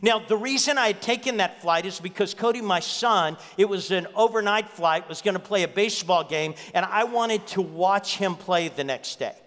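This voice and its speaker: A man preaching a sermon as pastor, an animated storyteller who acts out the dialogue. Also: high-pitched, normal speed, few pauses. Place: church sanctuary. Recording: reverberant church hall.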